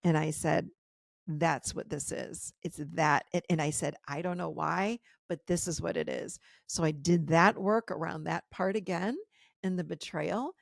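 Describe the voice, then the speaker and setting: Gravelly-voiced woman telling a personal story. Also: lowish voice, unhurried, no room sound, studio quality. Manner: candid, animated retelling with quoted dialogue. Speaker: podcast host.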